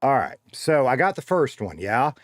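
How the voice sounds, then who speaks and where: A man's voice: medium pitch, sing-song, normal speed, no echo, studio quality. Casual sounding male streamer. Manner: chatty, swears freely, laughs often. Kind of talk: casual live-stream chat.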